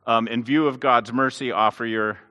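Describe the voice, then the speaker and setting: A man preaching a sermon on a lapel mic, telling stories with lively restarts. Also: mid-range voice, moderate pace. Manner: animated storytelling with restarts. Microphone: clip-on lapel mic. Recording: long hall reverb.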